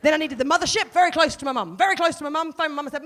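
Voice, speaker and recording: A woman from Portsmouth, England, performs a stand-up set at a live comedy venue, telling quick, self-deprecating stories. Her voice sits high and sounds a bit bright.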